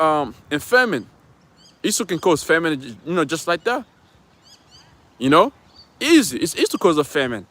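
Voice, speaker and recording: This street preacher is a man with a fairly high, fairly bright voice. He delivers scripture on a live stream from outdoors near traffic, rambling and emphatic, and his speech is packed with profanity and filler words.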